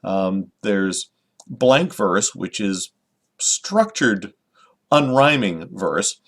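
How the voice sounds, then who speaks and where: A man's voice: fairly low pitch, big pitch swings, drawn-out words, fairly bright tone, husky. A middle-aged man, a children's poet, giving an informal, friendly lesson to camera, with many fillers and restarts. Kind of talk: informal teaching talk to camera.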